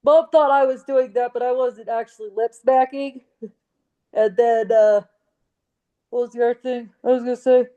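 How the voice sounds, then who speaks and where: Young woman, podcast co-host, giggly and chatty, fairly high voice with a mellow tone. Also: fairly even intonation, lo-fi sound. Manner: chatty and giggly, tells things in quick fragments. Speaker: podcast co-host living with seizures. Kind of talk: casual chat.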